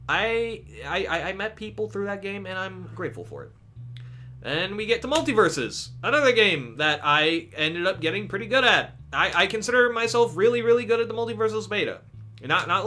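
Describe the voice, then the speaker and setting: Animated, swearing young gamer guy. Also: high voice. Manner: animated, profane, stumbling restarts. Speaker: gaming video creator. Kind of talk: casual gaming vlog commentary.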